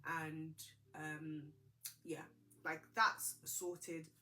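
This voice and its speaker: A young woman hosting a casual reality TV recap, chatty and gossipy with expressive reactions. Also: sits low, extremely slow. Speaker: host.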